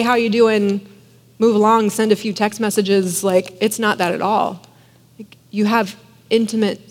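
A woman's voice: mid-range voice, in a large hall. A woman in her thirties, a mother, giving an earnest, casual devotional talk full of "like". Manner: earnest, many fillers of "like". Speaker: Christian speaker.

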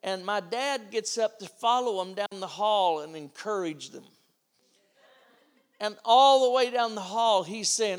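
A man's voice: sits high, moderate pace. An older man preaching a sermon, telling a family story and acting out the voices of the people in it.

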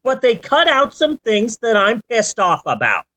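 Animated ranting man on a podcast. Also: very high voice, unhurried, no echo. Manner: animated, ranting and joking, with swearing outbursts. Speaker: podcast host. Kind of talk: casual movie chat.

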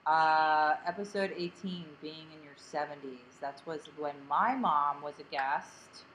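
Low-voiced rambling woman podcast host. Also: unhurried, a bit bright, a little hiss or hum, low-quality recording. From Delaware County, Pennsylvania. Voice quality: grating voice. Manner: rambling, filler-heavy, self-deprecating. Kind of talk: casual podcast chat.

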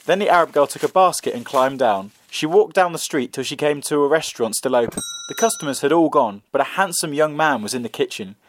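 A man narrating a folk tale in a measured, expressive storytelling reading. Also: fairly high pitch, a little hiss or hum.

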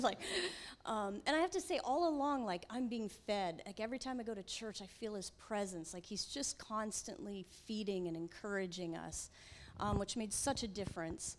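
A middle-aged woman, a pastor's wife, telling a personal testimony in a halting, emotional way with many fillers. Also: mid-range voice, slight background noise.

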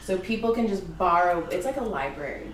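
A woman's voice: lowish voice, expressive, brisk. A woman author chatting casually and laughing easily, heard through a distant mic in an echoey room with a faint hum. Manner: chatty, giggly, slips into voices. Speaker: self-published author, guest. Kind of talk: casual chat.

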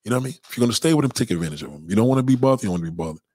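A man's voice: lowish voice, animated, racing, a little mellow, slightly rough, no echo. A man hosting a livestream, reading chat and ranting in a profane, heated, emphatic way. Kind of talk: casual livestream rant.

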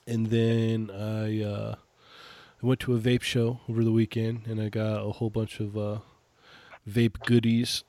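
A man's voice: lowish voice, flat delivery, a little slow, darkish tone, no echo. A man co-hosting a casual podcast, telling stories in a laid-back way with frequent laughs. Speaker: podcast co-host. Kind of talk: casual chat about toy collecting.

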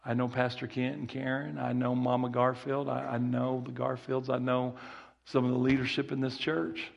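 Gravelly Southern country preacher. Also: male voice, mid-range voice, monotone, normal speed, muffled recording. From rural Texas. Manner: folksy, repeats key phrases, restarts often. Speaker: guest preacher. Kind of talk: sermon.

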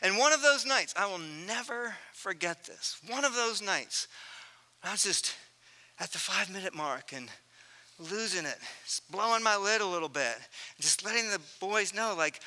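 Man, pastor, sermon, piercing bright tone, earnest, loud then hushed. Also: high voice, big pitch swings, moderate pace.

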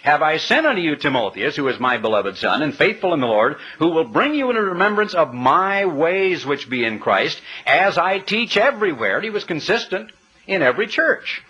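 A man's voice: on the high side, big pitch swings, normal speed, pushed and bright, husky, lo-fi sound. A man preaching a sermon, emphatic and full of rhetorical questions, sometimes spelling words out letter by letter.

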